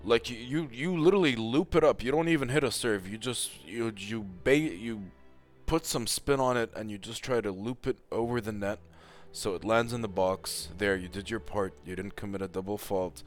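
A man's voice: fairly low pitch, moderate pace, faint music behind. A man giving a casual, heated rant with lots of swearing and emphatic repetition, as a tennis commentator.

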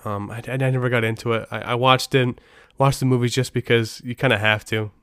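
A man's voice: mid-range voice, fairly even intonation, fairly quick, a bit bright, clear, resonant tone, no room sound, studio quality. A middle-aged man hosting a podcast, telling stories in a rambling way with many restarts. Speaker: podcast host. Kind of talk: casual podcast storytelling.

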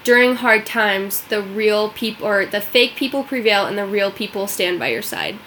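Bright-voiced woman podcast host. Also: mid-range voice, animated, normal speed, slight background noise. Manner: encouraging, admiring, many "um" fillers. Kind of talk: casual interview chat.

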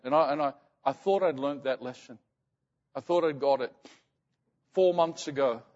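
A man preaching as a pastor, telling a story earnestly, often dropping to a hushed, slow voice. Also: a little high, long reverb tail, lo-fi sound. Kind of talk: sermon storytelling.

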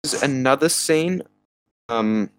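A man's voice: mid-range voice, takes it slowly, clear, resonant tone, low-quality recording. A man co-hosting a podcast, chatting casually about a bad movie with rambling, exasperated asides and laughter. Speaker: podcast co-host. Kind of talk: casual movie review chat.

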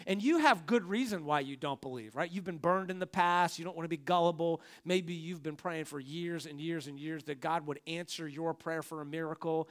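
A man's voice: fairly high pitch, normal speed. A man, the pastor, preaching a conversational sermon from a church stage and talking straight to his congregation.

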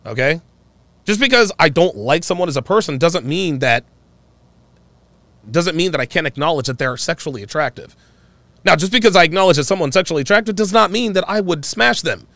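Mocking animated male podcast host. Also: a little high, fairly quick, dry recording. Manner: mocking, mimics others in exaggerated voices. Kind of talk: opinionated commentary on a live call-in stream.

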